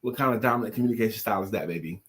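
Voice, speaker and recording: A man's voice: on the low side, rapid-fire, a bit bright, husky. A man co-hosting a talk show, explaining communication styles in a coaching manner and prompting his partner. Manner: coaching tone, explains and prompts, calls people baby. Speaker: co-host, coach. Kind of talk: casual conversational talk.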